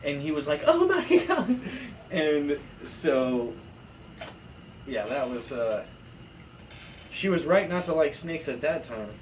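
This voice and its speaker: A man in his thirties telling stories in casual podcast chat, acting out quoted lines with big jumps in pitch. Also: slow, long pauses. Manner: animated storyteller, acts out quotes with jumps in pitch. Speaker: podcast co-host. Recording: distant mic with faint room noise.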